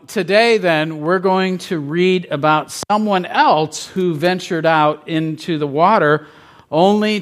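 Storytelling pastor, higher-pitched man. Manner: casual storytelling, asks the congregation questions. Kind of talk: conversational sermon.

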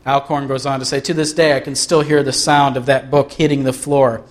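A man preaching a sermon as pastor, reading aloud from a book and slowing down to stress key words. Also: medium pitch, flat delivery. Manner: earnest, slows down for emphasis.

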